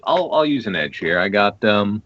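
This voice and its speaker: Low, bright-voiced man player. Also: sing-song, normal speed, no echo, highs cut off.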